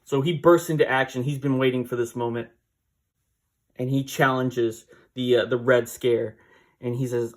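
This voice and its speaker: A man's voice: mid-range voice, fairly even intonation, moderate pace. A man casually recapping a comic book issue, rambling with fillers and small laughs.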